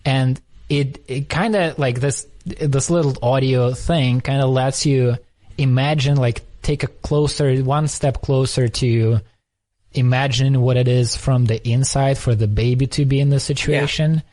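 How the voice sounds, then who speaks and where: A man from the former Soviet Union hosting a conversational interview, telling stories quickly and thoughtfully with frequent restarts. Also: mid-range voice, fairly even intonation, darkish tone. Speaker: podcast host.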